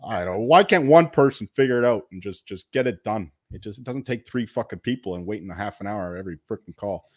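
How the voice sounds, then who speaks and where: A man with a low voice co-hosts a casual sports betting podcast. He rambles in a relaxed way, full of fillers and swearing. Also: fast talker. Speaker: podcast co-host.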